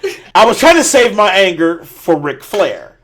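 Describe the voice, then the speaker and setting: A man's voice: high-pitched, big pitch swings, moderate pace, background noise. A man hosting a podcast, ranting with a lot of swearing in casual chat. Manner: profane, ranting. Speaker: podcast host.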